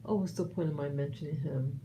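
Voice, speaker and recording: A woman from the United States giving her personal commentary, earnest and halting, often restarting her sentences. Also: deep voice, noisy background. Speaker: vlogger sharing opinions.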